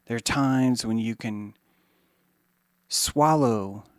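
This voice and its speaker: A man hosting a podcast, rambling in a monologue that swings from hushed musing to mocking put-on voices, with some swearing. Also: medium pitch, slow pace, clear, resonant tone, no echo, studio quality. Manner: profane. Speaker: podcast host.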